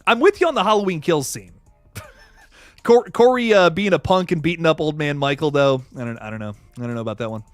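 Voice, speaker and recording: Male streamer host, animated pitch, dry close mic, faint music bed, rambling and laughing. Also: fairly quick, dry recording. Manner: rambling, laughs a lot, frequent restarts. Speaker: YouTube host reading live chat. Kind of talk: casual livestream chat.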